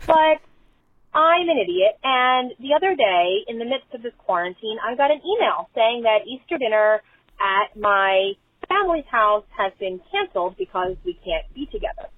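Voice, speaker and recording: A woman's voice: a little high, very animated, normal speed. Exasperated woman ranting on tinny voicemail. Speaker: caller leaving a voicemail. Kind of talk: voicemail rant. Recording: tinny dry phone voicemail.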